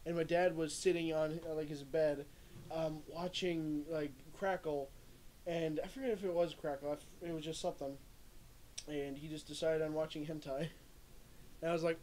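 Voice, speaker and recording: A young man chats loosely on a stream, his voice sitting a bit high for a man. He rambles through stories, swears freely and breaks into laughter. A faint hiss runs under the recording. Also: fairly even intonation, normal speed, a little mellow. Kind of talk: casual chat. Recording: faint background noise.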